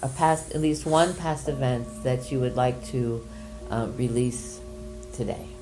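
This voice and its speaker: An older woman leading a workshop group, speaking gently and hesitantly with many pauses as she explains an exercise and shares a personal story. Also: a bass voice, over music. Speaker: workshop leader.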